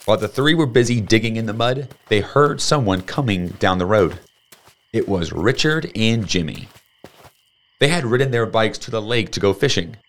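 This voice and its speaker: A man reading a children's storybook aloud in a steady, plain storytelling manner. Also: on the low side, normal speed. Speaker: storybook reader.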